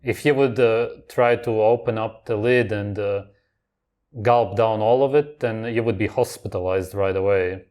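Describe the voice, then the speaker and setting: A man with a lowish voice delivers blunt, contrarian commentary as a reaction host. His tone is flat-out dismissive as he picks apart what he hears. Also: normal speed. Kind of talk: commentary over clips.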